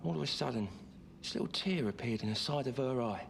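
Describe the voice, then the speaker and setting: A man telling a comic first-person story in a rambling, deadpan, confiding way. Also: mid-range voice, fairly quick, vocal fry, a little hiss or hum.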